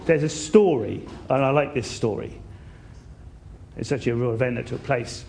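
A man preaching a sermon, telling a story in an animated way and swinging between loud bursts and hushed moments. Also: medium pitch, normal speed, vocal fry, a little hiss or hum.

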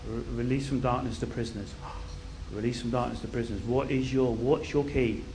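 Against a noisy background, a man with a medium-pitched voice delivers a sermon at a moderate pace. His Bible story is told animatedly, with key points given in a quiet, intense tone.

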